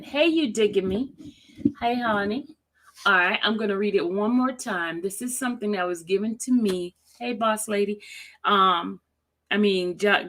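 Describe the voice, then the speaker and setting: A woman hosting a casual livestream, greeting viewers by name and reading slowly and deliberately. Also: medium pitch, fairly bright tone. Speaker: livestream host.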